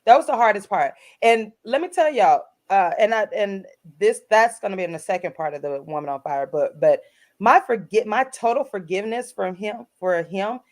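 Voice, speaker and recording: A middle-aged woman, an author guest co-hosting a podcast, telling a personal story in an earnest, animated way and acting out other people's lines. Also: medium pitch, moderate pace. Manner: earnest, animated, retells scenes in voices.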